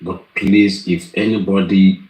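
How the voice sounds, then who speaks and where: Deep-voiced man, pleading and earnest. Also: little pitch movement, a little mellow, reverberant, low-quality recording. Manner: pleading, earnest, slow and deliberate. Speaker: participant. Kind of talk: live online group talk.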